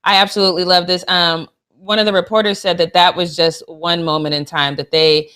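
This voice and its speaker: A woman's voice: lowish voice, level tone, fairly quick, sharp tone. A woman co-hosting a sports talk show, gushing and emotional, with sassy trash talk. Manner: gushing and emotional, with frequent laughs. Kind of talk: casual sports chat.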